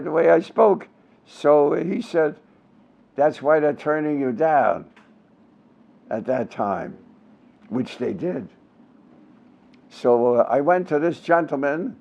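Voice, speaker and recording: A man's voice: fairly high pitch, gravelly, muffled recording. A man in his nineties with a Brooklyn and Yiddish-tinged accent, telling stories in an interview with many fillers and restarts. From United States. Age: 90s. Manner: rambling, animated storyteller with many fillers and restarts. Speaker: veteran Yiddish theater actor, guest. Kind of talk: storytelling interview.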